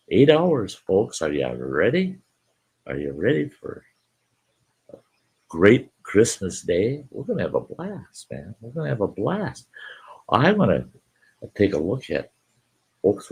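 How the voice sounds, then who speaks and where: Low husky guy hosting a live stream, slow easygoing talk, chats with folks and repeats himself a lot. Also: big pitch swings, darkish tone. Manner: folksy and repetitive, calls listeners folks. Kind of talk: casual live-stream chat, reading out viewer messages.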